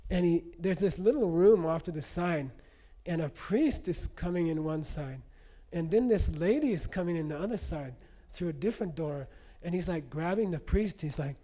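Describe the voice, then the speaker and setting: Animated male meditation teacher. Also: high voice. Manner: animated storyteller, checks in with frequent questions. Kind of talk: spoken teaching with anecdotes.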